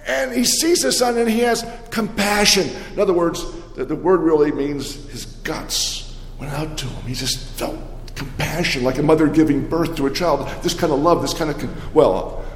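An older man preaching a sermon, telling the story with animated energy and frequent restarts. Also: on the high side, normal speed, long reverb tail.

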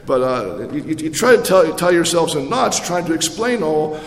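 A man's voice: a little high, big pitch swings, moderate pace. Man preaching in an echoey hall. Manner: conversational, with repeated restarts and rhetorical questions. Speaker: pastor. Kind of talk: sermon. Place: church. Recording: echoey church hall with long reverb.

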